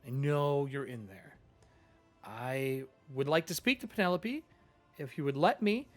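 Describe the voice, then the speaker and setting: A man's voice: medium pitch, expressive, measured pace, soft background music, natural voice. A man voicing a hesitant, nervous young woman who performs an exorcism.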